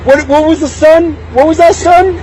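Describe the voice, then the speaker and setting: A man filming himself outdoors at a gas station with his phone, loudly and excitably mocking the police officers around him. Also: very high-pitched, moderate pace, poor audio. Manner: loud, mocking, excitable, often shouting and laughing. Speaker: driver getting a ticket. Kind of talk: live-streamed mocking commentary.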